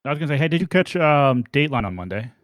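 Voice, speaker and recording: A man's voice: a little high, big pitch swings, rapid-fire, no echo, clean studio sound. A man co-hosting a true crime podcast, talking casually with an easygoing, hesitant manner. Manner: easygoing, hesitant, filler-heavy. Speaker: podcast co-host. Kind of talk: casual chat.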